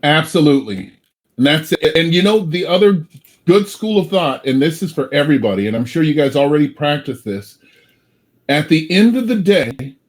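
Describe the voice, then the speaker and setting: A man with a fairly high voice tells a personal story in a casual group talk. He talks with animated swings and acts out his own quotes, full of feeling. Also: normal speed. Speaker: sales coach.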